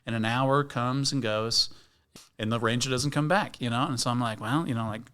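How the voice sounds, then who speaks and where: A middle-aged man, a podcast guest, telling an outdoor story in a lively, casual way and acting out the scenes. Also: medium pitch, moderate pace, smooth. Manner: animated storyteller, acts out scenes. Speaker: guest, backpacking video creator.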